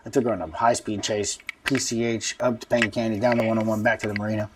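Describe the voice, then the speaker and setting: A rapid-fire man in his thirties tells his story in loose, profane street slang. He sounds a little distant from the mic. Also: on the low side, fairly even intonation. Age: 30s. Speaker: guest. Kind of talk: casual street-talk storytelling.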